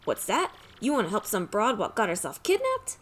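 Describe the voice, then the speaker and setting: Casting: woman putting on a tough-talking male mob boss for a game let's play, fake mobster accent, lively swings in pitch. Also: normal speed. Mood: commanding. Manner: put-on mobster accent, tough-guy slang. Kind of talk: reading game dialogue aloud.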